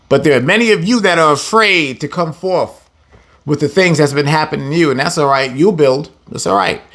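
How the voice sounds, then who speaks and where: A man teaching an informal scripture lesson, reading verses and retelling them in slang, laughing often. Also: fairly high pitch. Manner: animated, slangy, laughs often, reads verses then paraphrases. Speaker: Bible teacher.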